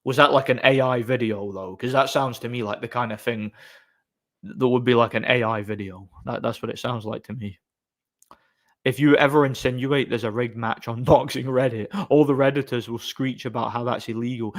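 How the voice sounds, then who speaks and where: A man talks casually on a live stream, answering comments in a rambling, sarcastic way. His voice sits at an ordinary middle pitch, and he fills his talk with ums and false starts. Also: fairly even intonation, moderate pace. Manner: sarcastic, rambling, frequent fillers and restarts.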